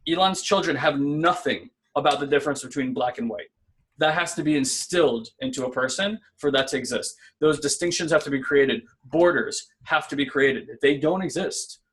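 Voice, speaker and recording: A man's voice: a little high, a bit bright. Earnest man in casual spiritual talk. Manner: earnest and conversational, often adds "right?". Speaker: podcast co-host.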